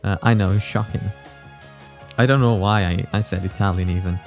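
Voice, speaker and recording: A man's voice: deep voice, steady tone, a little fast, faint music behind. A young man hosting a reaction video, talking casually in a rambling, self-mocking way. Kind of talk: casual chat.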